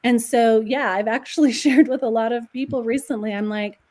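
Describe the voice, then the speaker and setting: A woman guest on a podcast, telling stories in an animated way. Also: a little high, a little fast. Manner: animated storyteller. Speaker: guest numerologist. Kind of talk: podcast conversation.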